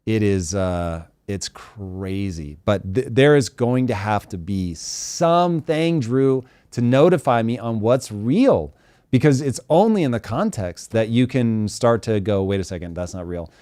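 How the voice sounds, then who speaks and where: A man's voice: medium pitch, animated, unhurried, mellow, no room sound. A man hosting a live talk show, chatting casually and animatedly, swearing freely and stretching out words for emphasis. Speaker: show host.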